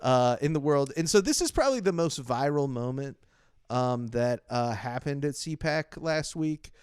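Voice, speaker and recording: A man's voice: medium pitch, lively intonation, moderate pace, a little mellow, smooth, no echo, studio quality. A man hosting a podcast, chatting in a joking, sarcastic way and laughing often. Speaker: podcast host. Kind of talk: casual comedy chat.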